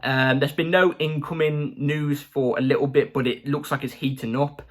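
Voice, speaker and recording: A man talking in a casual, chatty fan vlog as the channel host, excitable and full of fillers. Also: medium pitch, normal speed.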